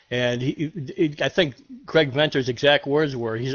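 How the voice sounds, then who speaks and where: A man arguing his point in an online debate, hesitant, with many fillers and restarts, clearing his throat now and then. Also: fairly high pitch, moderate pace, hardly any pauses, dry recording. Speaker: debate participant. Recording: dry muffled mic recording.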